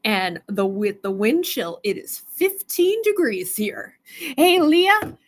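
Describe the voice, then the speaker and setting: Slow, chatty woman hosting a live sale. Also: a little high, big pitch swings. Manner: chatty, greets viewers by name. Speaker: host of a live stone sale. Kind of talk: casual live-stream selling chat.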